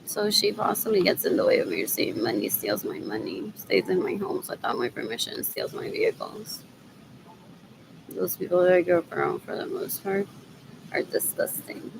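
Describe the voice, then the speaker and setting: A woman's voice: fairly low pitch, very animated, normal speed, vocal fry, background noise. A woman vlogging in a rambling monologue, repeating herself, drifting between thoughts and muttering asides with Spanish words mixed in.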